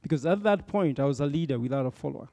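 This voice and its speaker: Man, gravelly storytelling speaker. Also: medium pitch, expressive, very fast, mellow, dry recording. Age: middle-aged. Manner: checks in with listeners with tag questions. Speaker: bank executive speaking to young leaders. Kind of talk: motivational storytelling talk.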